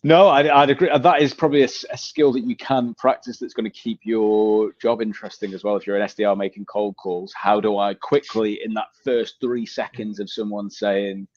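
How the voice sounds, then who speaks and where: Low-voiced man, direct and teasing. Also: steady tone, fairly quick, few pauses, darkish tone, no room sound. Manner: direct, teasing, matter-of-fact. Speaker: sales trainer guest. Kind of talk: casual webinar chat. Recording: dull, dry video call audio.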